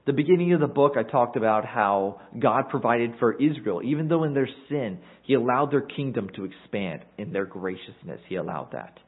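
A man's voice: medium pitch, expressive, normal speed, hardly any pauses, slightly rough. A man preaching an earnest expository sermon, reading scripture aloud and explaining it to his listeners. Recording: tinny phone-like recording.

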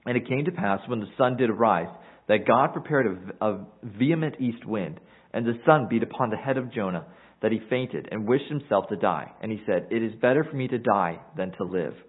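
A man's voice: on the low side, expressive, a little fast, breathy edge. A man preaching an earnest expository sermon, reading scripture aloud and explaining it to his listeners. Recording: tinny phone-like recording.

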